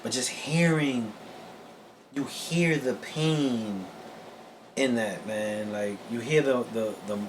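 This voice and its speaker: Podcast co-host, male, average pitch, halting and reflective, noisy recording. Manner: halting, repeats words, soft-spoken and reflective. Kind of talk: casual chat. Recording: audible background noise.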